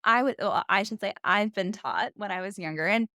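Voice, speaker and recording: A woman's voice: medium pitch, fairly quick, sharp tone, no echo, studio quality. A woman author speaking as a podcast guest, reassuring and encouraging as she talks about goals. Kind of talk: casual interview chat.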